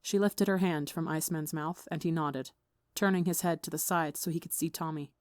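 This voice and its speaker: A woman narrating a fan fiction story in an even, measured way. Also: low voice, dry recording, studio quality. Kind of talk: audiobook reading of fan fiction.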